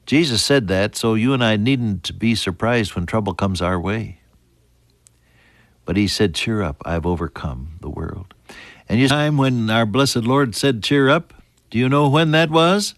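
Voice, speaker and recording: An older man preaching a sermon, earnest, dropping to a hush and then rising to emphatic peaks. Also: mid-range voice, lively intonation, measured pace, no room sound.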